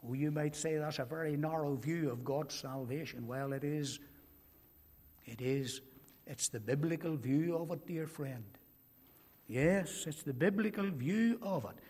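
An older man preaches slowly and emphatically, repeating his key phrases as he pleads with his listeners. His voice sits a little high for a man. A long reverb trails each phrase, as in a large hall. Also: a little mellow, breathy edge. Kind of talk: evangelistic sermon.

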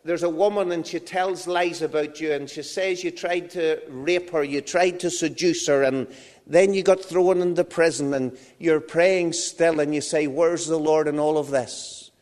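A man's voice: a little high, fairly even intonation, moderate pace, a little mellow. A man preaching a sermon in a church, reading scripture and dramatically acting out the voices of biblical figures. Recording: long reverb of a large hall.

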